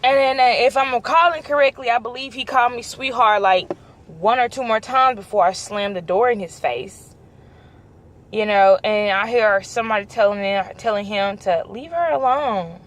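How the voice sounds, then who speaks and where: A young woman vlogger telling a story in a casual chat, lively and acting out the lines of the people in it. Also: a little high, normal speed. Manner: animated, acts out quoted dialogue.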